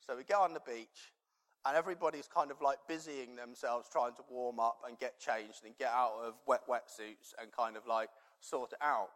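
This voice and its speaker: A man's voice: mid-range voice, fairly even intonation, normal speed, a bit bright. A man preaching a sermon and telling a personal story in a conversational, rambling way, with many fillers. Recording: long reverb in a large hall.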